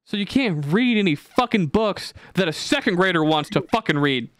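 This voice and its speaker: Young male podcast host, slightly high voice, profane and animated, dry close recording. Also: moderate pace, no echo. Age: young adult. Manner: profane, ranting, animated storytelling. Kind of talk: casual podcast chat.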